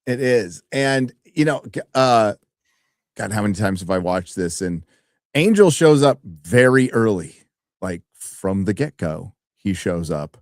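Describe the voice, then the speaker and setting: A man rambles through a casual chat, animated and loose, with plenty of swearing. His voice sits a little low. It is recorded dry and close. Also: a little slow, dry recording. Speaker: co-host of a review stream.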